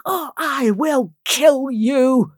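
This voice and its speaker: A cruel storybook stepmother, played by a woman reader, screaming threats at full force. The voice rises high and loud. Dry, close sound. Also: extremely slow, no room sound, exaggerated voice. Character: cruel wicked stepmother, harsh and violent.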